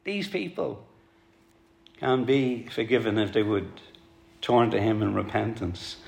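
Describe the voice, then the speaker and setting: A man's voice: on the low side, a little slow, gravelly, a little mellow. A man preaching a sermon to his congregation, earnest and pleading, calling them folks. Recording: echoey hall.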